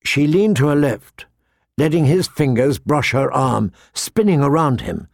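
A man reading a fantasy novel aloud as narrator, steady and shifting pace with the action. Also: mid-range voice, unhurried, creaky, no room sound, studio quality. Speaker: audiobook narrator. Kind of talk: scripted narration.

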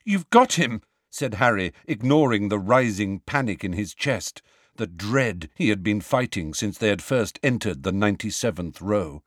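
A man reading a fantasy novel aloud as narrator, measured and dramatic. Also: on the low side, lively intonation, no room sound, clean studio sound. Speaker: audiobook narrator. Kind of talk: scripted narration.

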